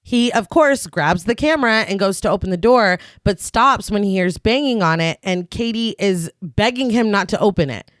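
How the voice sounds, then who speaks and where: A woman's voice: medium pitch, animated, moderate pace, no room sound. A woman co-hosting a podcast, recapping a film plot in casual chat with dry sarcastic asides. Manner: dry, sarcastic asides between plot beats, laughs often.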